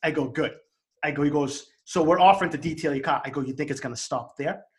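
A man with a Boston accent, his voice a little high for a man, tells a story at a rapid clip as a co-host in a casual chat. He talks in a heated, profane rush, acting out both sides of the exchange.

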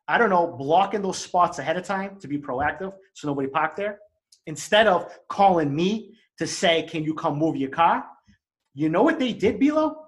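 A man with a Boston accent telling an angry story in casual chat, fast and profane. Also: a little high.

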